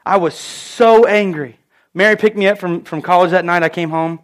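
Male preacher, light high voice, emphatic storytelling sermon. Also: moderate pace.

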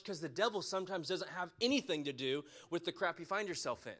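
A man preaching a sermon with passion, repeating phrases for emphasis and going soft and quiet toward the close. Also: fairly high pitch, lively intonation, fast talker, few pauses. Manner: impassioned, repeats phrases for emphasis, drops to a soft tone near the end.

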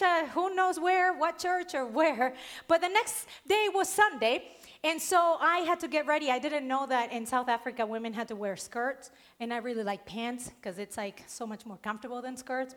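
A woman preacher with an accent, giving a sermon and telling a personal story in a lively way with frequent laughs. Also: high voice. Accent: non-native accent. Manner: lively storytelling, laughs often, stresses key words.

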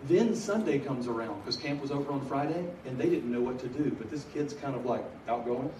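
A middle-aged man preaching a story with humor, animated, shifting from loud bursts to hushed earnest telling. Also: medium pitch, brisk. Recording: echoey hall from far off, noisy.

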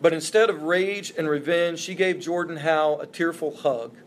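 Man, pastor, sermon, earnest, emphatic, slightly high voice, faint background hiss. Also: moderate pace. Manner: earnest, emphatic preaching with repeated phrases. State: emotional, voice breaking.

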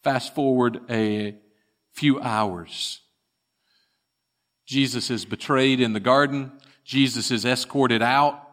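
A man preaching in a church, his voice bright and edged. He talks slowly and deliberately, telling scripture as drama and dropping to a hush for the weighty moments. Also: mid-range voice. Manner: dramatic storytelling, retelling scripture with swings from loud to hushed. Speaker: pastor. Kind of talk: sermon.

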